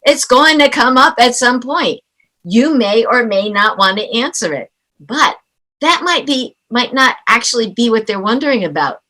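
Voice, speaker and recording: A woman's voice: a little high, normal speed, poor audio. A middle-aged woman, a parenting coach, telling stories animatedly in a conversational interview. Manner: animated storyteller who acts out quoted dialogue.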